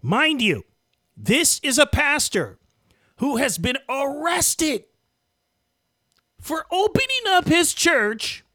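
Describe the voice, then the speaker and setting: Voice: high voice, huge pitch swings, slow, pauses often, sharp tone, no room sound, clean studio sound. A host giving heated, emphatic political commentary, mocking opponents along the way. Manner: indignant, emphatic, mocks opponents in quoted voices.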